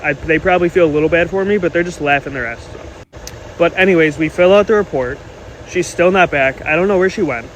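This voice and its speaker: A man casually telling a story to his phone camera, animated and indignant as he retells it. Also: a little high, fast, low-quality recording. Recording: faint background noise.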